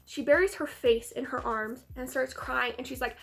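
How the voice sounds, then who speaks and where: A woman reviewing a classic film in a casual, chatty way, with sarcastic, animated asides. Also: sits high, moderate pace, creaky, hardly any pauses, soft background music.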